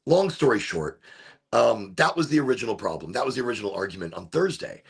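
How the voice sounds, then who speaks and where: A man's voice: mid-range voice, animated, fast, vocal fry, slightly rough. A man hosting a podcast, casually telling a rambling story with frequent laughs. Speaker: podcast host and youth soccer coach. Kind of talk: casual chat.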